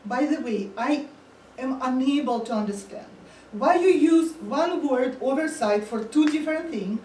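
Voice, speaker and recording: A woman who is not a native English speaker delivers a prepared humorous club speech in a high, lively voice. She tells her story slowly and expressively. The sound carries from across an echoey meeting room with faint room noise. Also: distant mic.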